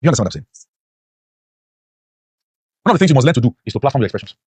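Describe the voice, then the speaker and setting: Very animated and rapid-fire, a man with a mellow, husky mid-range voice gives a class a preachy motivational lecture. He keeps asking rhetorical questions and his voice leaps up sharply on the points he wants to hammer home. There's no room sound.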